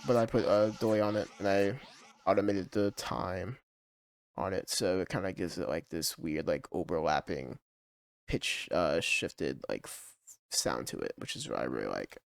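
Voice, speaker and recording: Low-voiced man casually walking through a track. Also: normal speed, no echo. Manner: hesitant, full of ums and likes. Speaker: music producer. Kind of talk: casual walkthrough of a song project. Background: his track playing clearly underneath.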